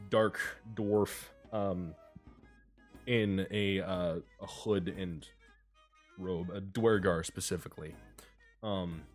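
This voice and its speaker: A man's voice: deep voice, darkish tone. A man narrating as game master, rambling and self-mocking with many fillers. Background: pirate music.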